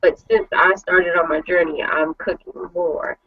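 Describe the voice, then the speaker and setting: A woman's voice: on the low side, measured pace, far from the mic. Chatty woman host, lo-fi sound. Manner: chatty, animated storytelling with lots of "like". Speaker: host of an online panel show. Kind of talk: casual chat.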